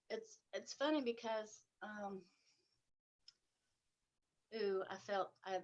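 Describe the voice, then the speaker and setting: A middle-aged woman talks through a painful personal story in a halting, earnest way. She restarts her phrases often and pushes her voice up when the feeling peaks. Her pitch sits mid-range, and the stream audio is muffled and lo-fi. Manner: earnest and emotional, voice rising at intense moments. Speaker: speaker in a sharing circle. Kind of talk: personal testimony, casual.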